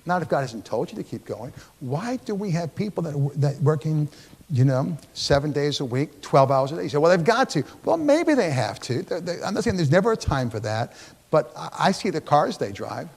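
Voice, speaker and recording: A man's voice: fairly high pitch, big pitch swings, moderate pace, creaky, a little mellow, slightly rough. A man pastor giving a Bible study sermon in a church, talking in a conversational, emphatic way and often checking in with his listeners. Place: church sanctuary. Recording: long reverb of a church hall.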